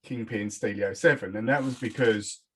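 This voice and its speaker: A man's voice: fairly low pitch, brisk, breathy edge. A man from the UK, a guest on a podcast, chatting in an easygoing way with short replies. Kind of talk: casual chat.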